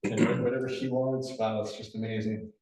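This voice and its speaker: A man's voice: on the low side, little pitch movement, moderate pace, a little mellow. A man chairing a public committee meeting, speaking hesitantly with frequent restarts and dry humor. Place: county meeting room. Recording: echoey meeting room from far off.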